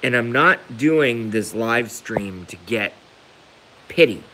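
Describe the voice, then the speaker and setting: A man's voice: mid-range voice, lively intonation, slow pace, background noise. A man ranting on a live stream, emotional and emphatic, repeating his points to hammer them home. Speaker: livestreamer.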